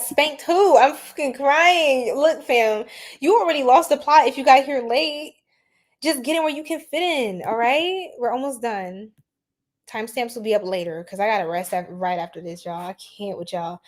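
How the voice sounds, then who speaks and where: Chatty woman hosting an astrology livestream. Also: fairly high pitch. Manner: chatty, slangy, laughing, reacting to chat. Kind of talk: casual livestream chat.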